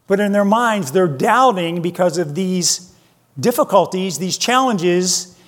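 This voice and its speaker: A man with a high voice preaches slowly and deliberately, leaning on rhetorical questions. His words ring out with a long hall reverb. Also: expressive. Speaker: pastor. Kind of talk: sermon.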